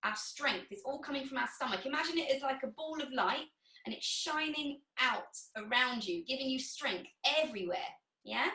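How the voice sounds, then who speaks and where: A woman's voice: high-pitched, animated, normal speed, sharp tone. A woman instructor guiding a pilates class, encouraging and cueing each breath and movement. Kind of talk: guided exercise class. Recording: echoey room, distant mic.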